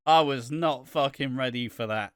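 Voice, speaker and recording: A man's voice: mid-range voice, moderate pace, smooth, dry recording, studio quality. A man co-hosting a casual podcast chat who rambles, swears freely and gets worked up retelling scenes. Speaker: podcast co-host.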